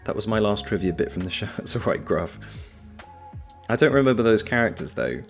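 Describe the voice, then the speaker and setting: A man's voice: lowish voice, animated, a little fast. A man hosting a casual livestream, chatting and reading viewer messages aloud. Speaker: livestream host. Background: soft lo-fi background music.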